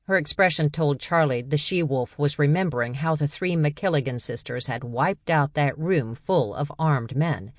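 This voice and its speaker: A woman narrating an audiobook in a measured, even storytelling manner. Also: low voice, dry recording. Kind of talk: scripted narration. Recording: dry close studio sound.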